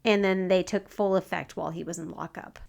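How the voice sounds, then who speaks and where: A woman co-hosting a podcast in casual chat, animated and joking, often laughing. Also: lowish voice, brisk, gravelly. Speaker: podcast co-host.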